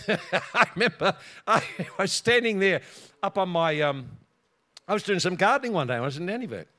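A man's voice: high voice, expressive, normal speed, pushed and bright. Laughing preacher man telling a story. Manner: laughs often, storytelling, repeats words. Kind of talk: sermon with personal story.

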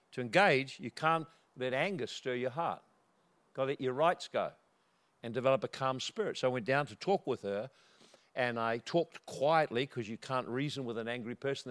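During a sermon, a male preacher recounts something from his own life and plays each character's lines. His impersonations bring dramatic shifts in pitch and loudness.

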